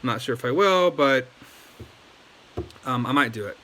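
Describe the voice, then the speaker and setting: A man's voice: mid-range voice, animated, normal speed, pushed and bright. A man giving a casual video lesson, loose and chatty with many ums and likes. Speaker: language teacher.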